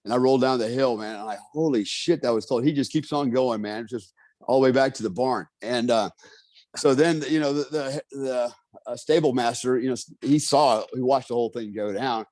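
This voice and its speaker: A man's voice: medium pitch, a little fast, dry recording, clean studio sound. A man telling a story in a casual interview, swearing freely and acting out the voices of the people in it. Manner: profane, animated, acts out quotes. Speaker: guest.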